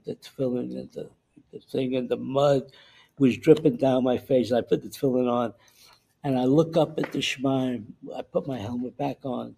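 Older man, gravelly and husky, warm low tone; a veteran telling his story in halting, repeating phrases. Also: poor audio. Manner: halting, repeats words and acts out the dialogue he recalls. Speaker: veteran recounting wartime memory. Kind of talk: oral history storytelling.

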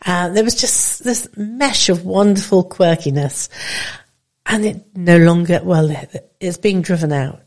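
A woman's voice: on the low side, measured pace, a little mellow. A woman hosting a community radio show, talking in a chatty, meandering, opinionated way. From Britain. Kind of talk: casual radio chat.

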